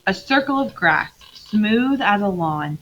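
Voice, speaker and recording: A woman teacher reading a novel aloud to her class, expressive, pausing to quiz the students. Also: medium pitch, muffled recording, a little hiss or hum.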